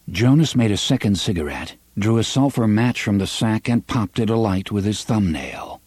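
A man reading a western novel aloud as audiobook narrator, with an expressive, varied delivery on a close studio mic. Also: lowish voice, moderate pace, hardly any pauses, slightly rough, no room sound. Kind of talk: scripted narration.

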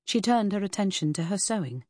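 A woman narrating an audiobook in the first person, measured and composed. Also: mid-range voice, animated, a little mellow, dry recording, studio quality.

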